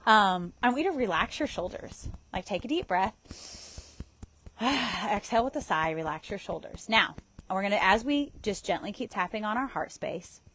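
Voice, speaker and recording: Outdoors in a yard at dusk, a woman with a mid-range voice guides an EFT tapping session, chatting casually, swearing freely and laughing a lot. The recording is rough.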